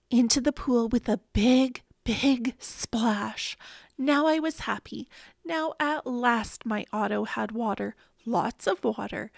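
A woman reading a children's picture book aloud in an expressive way. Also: fairly high pitch, gravelly, no echo, studio quality. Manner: expressive, slow and lively. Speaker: storybook reader.

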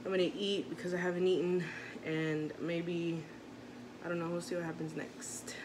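Casually talking to camera, a vlogging mother in her thirties rambles with feeling and keeps restarting her thoughts. Her voice is on the low side with a flat delivery at a moderate pace, recorded over a noisy background.

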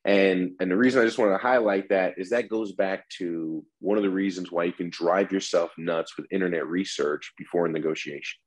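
Low husky man explaining with animation. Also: a little fast, hardly any pauses, rough recording. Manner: animated, acts out example phrases with shifting inflection. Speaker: negotiation instructor. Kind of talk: explanatory interview answers.

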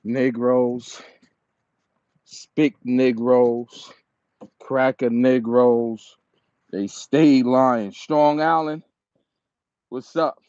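A man ranting to the camera about his dogs, repeating insults in a slow, taunting manner. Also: medium pitch, fairly even intonation, darkish tone, no echo. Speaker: dog breeder and channel owner. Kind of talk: angry rant to camera. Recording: dull lo-fi sound with faint noise.

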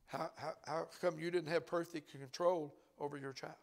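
Gravelly older preacher telling a story. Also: male voice, a little high, fairly even intonation, normal speed. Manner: storytelling, folksy and conversational. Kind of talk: sermon. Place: church.

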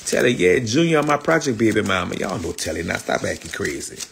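A man's voice: on the low side, sing-song, fast, creaky, noisy background. A man hosting a casual livestream, talking in loose street slang, repeating himself and calling out viewers by name. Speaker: livestream host.

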